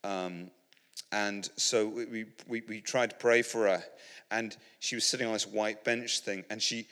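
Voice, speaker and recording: This British preacher tells humorous stories to a crowd in a big hall, rambling and poking fun at himself with many restarts while the room reverberates. He has a British English accent and a fairly low, steady voice, a bit bright, delivered a little slowly.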